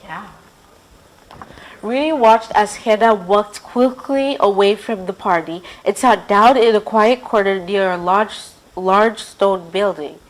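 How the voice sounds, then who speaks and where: A woman hosting a children's show, reading a storybook aloud in a clear, gentle way. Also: medium pitch, slow, poor audio.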